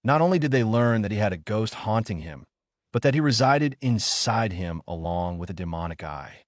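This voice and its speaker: A man reading fan fiction aloud with expressive storytelling. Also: fairly low pitch, normal speed, dry recording, studio quality. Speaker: reader.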